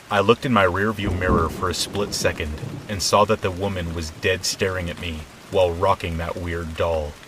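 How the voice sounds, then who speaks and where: Deep-voiced man narrating a horror story. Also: slight background noise, rough recording. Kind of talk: scripted narration. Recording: soft rain behind.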